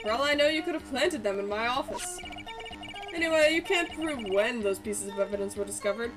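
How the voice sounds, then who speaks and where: A woman voicing a gruff older male police chief who speaks in a smug, pompous, condescending way, with game music behind. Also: a little high, expressive, fairly quick, lightly acted.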